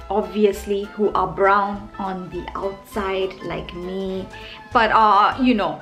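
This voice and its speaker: Animated South African woman vlogging. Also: a little high. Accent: South African English. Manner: chatty, animated, self-mocking. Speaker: YouTuber. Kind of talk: casual talking-to-camera vlog.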